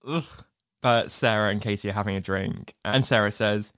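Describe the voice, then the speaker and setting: A woman's voice: rumbling low, moderate pace, fairly bright tone, no echo, studio quality. A woman co-hosting a casual podcast chat about a film, playful and wry, laughing often. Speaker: podcast co-host.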